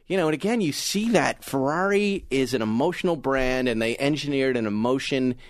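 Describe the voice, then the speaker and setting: A middle-aged man talking about cars with lively, animated enthusiasm. His voice sits at an ordinary pitch and comes through a close, dry studio microphone with no room around it. He comes from Massachusetts and chats casually as a podcast co-host. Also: fairly quick, no room sound. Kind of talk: casual car talk chat.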